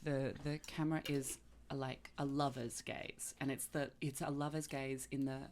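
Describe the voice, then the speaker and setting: An Australian woman chatting as a podcast guest, animated and expressive, swearing freely into a podcast microphone. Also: rumbling low, moderate pace, slight background noise. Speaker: guest actor. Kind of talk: casual podcast chat.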